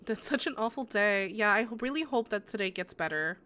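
A woman's voice: medium pitch, expressive, a little fast, sharp tone, clear, resonant tone. A woman game streamer in casual live-stream chat, answering her viewers with sympathy and rambling through many restarts.

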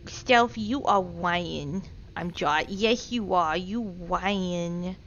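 A woman live-streaming a game, chatting playfully with her chat and breaking into loud, excited outbursts. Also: on the low side, slow pace, muffled recording, a little hiss or hum.

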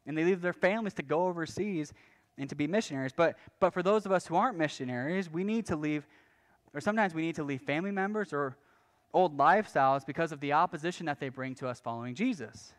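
Guy preaching fast in church, sorta high voice, loose and chatty, keeps restarting lines. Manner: quick, conversational preaching with frequent restarts and asides. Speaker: pastor. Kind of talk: sermon.

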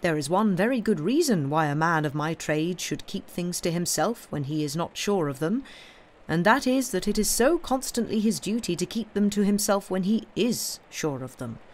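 A woman reading the part of a mild, cheerful male priest detective who speaks quietly and pleasantly. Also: lowish voice, lively intonation, moderate pace. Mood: calm.

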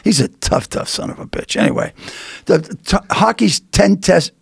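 Gravelly older man telling animated stories. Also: sits high, moderate pace, no echo, clean studio sound. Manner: animated, stammering restarts, acts out quotes. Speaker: podcast guest. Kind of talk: comic storytelling. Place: podcast studio.

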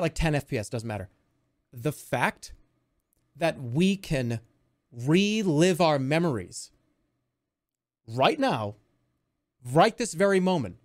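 Male streamer, high voice, lively swings, rambling, swearing. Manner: rambling, excitable, swears freely. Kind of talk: casual live-stream chat.

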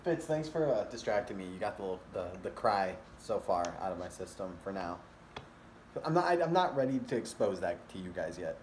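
A man's voice: lowish voice, big pitch swings, a little fast, a little hiss or hum. A man vlogging casually, rambling with many fillers and restarts. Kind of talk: casual rambling vlog talk. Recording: echoey room with faint ambience.

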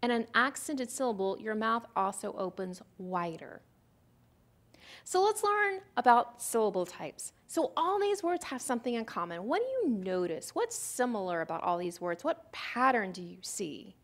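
Lively, patient woman teaching phonics. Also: a little high, moderate pace. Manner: patient, explains step by step with questions to the listener. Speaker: literacy presenter. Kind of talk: recorded teaching lecture.

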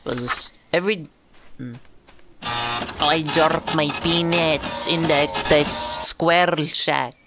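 A woman's voice: low-pitched, steady tone, slow, music in the background. A woman streaming a game, chatting casually to her viewers with profane jokes. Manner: profane, joking, talks to chat. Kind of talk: casual gaming commentary.

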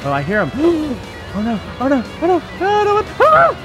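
A man streaming a game, joking and thinking out loud as he plays. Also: very high voice, huge pitch swings, fairly quick, music in the background. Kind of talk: casual gameplay commentary.

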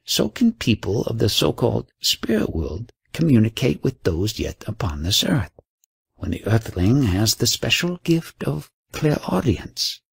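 A man reads the part of a wise old lama teacher in a spoken storybook. He explains things gently and patiently in a low, gravelly, husky voice that rises and falls widely, recorded dry and close. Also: huge pitch swings, unhurried, no echo, exaggerated voice. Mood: explaining.

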